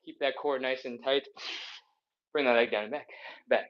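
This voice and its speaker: A man's voice: medium pitch, steady tone, normal speed, dull audio. A man leading a live stretching workout, counting reps aloud while he exercises, a bit out of breath. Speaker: fitness instructor. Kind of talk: live mobility workout instruction.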